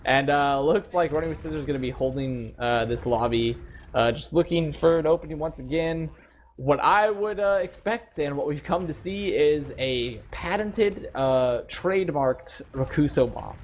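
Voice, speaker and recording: A man's voice: a little high, moderate pace, slight background noise. A man giving color commentary on a video game match, rambling and self-correcting, with mock despair. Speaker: esports color caster.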